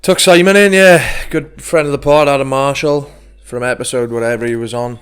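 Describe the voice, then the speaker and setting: A man's voice: medium pitch, steady tone, normal speed, fairly bright tone, smooth. A man co-hosting a podcast, telling jokey stories with crude banter. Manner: jokey, crude banter, does sound effects. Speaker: podcast co-host. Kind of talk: casual chat.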